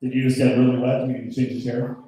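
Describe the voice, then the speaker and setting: A man in his thirties doing loud, brash stand-up comedy, working the crowd and swearing freely. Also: mid-range voice, level tone, quick pace, far from the mic. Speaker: stand-up comedian hosting the show. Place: comedy show in a golf club venue. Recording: echoey room, mic heard from afar.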